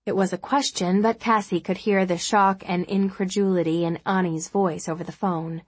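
A woman narrating a novel as an audiobook, in a steady, measured storytelling manner. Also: on the low side, breathy edge, no echo. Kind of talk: scripted narration.

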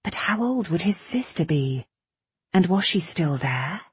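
Female audiobook narrator, low, very husky voice, dry close sound. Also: animated, a little slow, dry recording. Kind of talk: scripted fantasy narration.

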